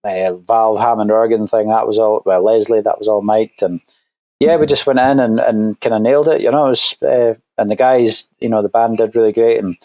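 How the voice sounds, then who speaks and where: A Scottish man talks casually as an interview guest, pausing often with fillers and restarting his sentences. His voice sits at an ordinary pitch, and the recording is dry with no room echo. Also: fairly even intonation, mellow. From Scotland. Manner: hesitant, many fillers and restarts. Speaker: guest musician.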